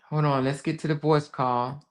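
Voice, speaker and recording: A woman's voice: low-pitched, fairly even intonation, moderate pace. A woman hosting a casual commentary show, speaking emphatically, repeating her points and talking straight to her viewers. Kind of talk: casual commentary on a viral video.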